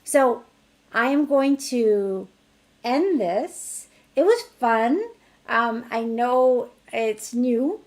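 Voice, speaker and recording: A middle-aged woman teaching an energy healing technique in a chatty online class, her voice rising brightly when she acts out what she tells others. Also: on the high side, very slow. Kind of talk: casual online teaching demonstration.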